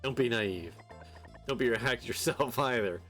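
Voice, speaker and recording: A man's voice: medium pitch, moderate pace, fairly bright tone, faint music behind, close to an everyday voice. A man voicing bossy older village women in a video game who play matchmaker, reading their lines in a theatrical, coaxing way.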